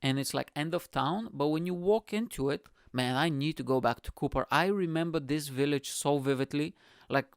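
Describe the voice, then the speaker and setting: A man from Bulgaria with a Bulgarian accent, hosting his own show and telling a profane, animated story in casual chat. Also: a little high, normal speed, dry recording, clean studio sound. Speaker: podcast host.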